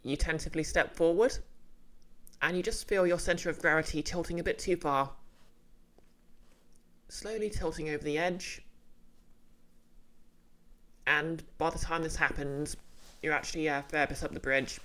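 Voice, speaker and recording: A game master narrating a tabletop game in a casual, halting way with fillers, from a home microphone. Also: mid-range voice, fairly bright tone.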